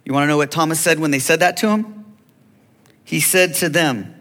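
A man's voice: on the high side, sing-song, normal speed, long pauses, fairly bright tone. A man preaching a sermon, acting out biblical dialogue and calling to the congregation for amens. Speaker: pastor. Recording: long hall reverb.

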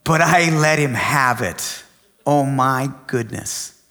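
Animated preacher man in a reverberant hall. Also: mid-range voice, takes it slowly, creaky. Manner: animated storytelling, acting out shouted quotes. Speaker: pastor. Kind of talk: sermon with personal story. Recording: long reverb of a large hall.

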